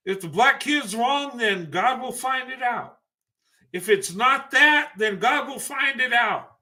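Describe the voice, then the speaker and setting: Speaking slowly in a very high, sharp voice with lively intonation, a man rants on a livestream. His opinion monologue comes in heated, emphatic bursts laced with profanity.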